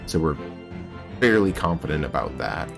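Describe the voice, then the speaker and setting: A man's voice: rumbling low, expressive, moderate pace, gravelly, over music. A man with a General American accent, streaming a game playthrough and thinking aloud as he works through clues. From United States. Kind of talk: live game playthrough commentary.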